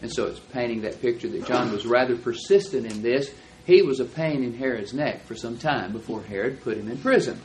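A man teaching a Bible class, explaining verses and reading them out slowly and deliberately. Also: medium pitch, expressive, a little hiss or hum, rough recording.

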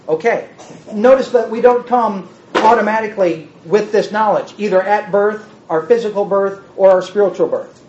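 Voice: mid-range voice, normal speed, a little mellow. Preacher in a roomy hall, dull sound. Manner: asks the listeners many rhetorical questions; plays with word meanings in a teacherly way. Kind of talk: sermon teaching on a psalm.

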